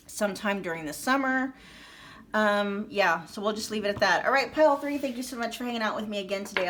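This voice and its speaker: Her voice is medium in pitch and fairly bright, carrying a Midwestern American accent. Doing a casual tarot reading for viewers, she's chatty and thinks out loud, often using fillers and restarting her sentences.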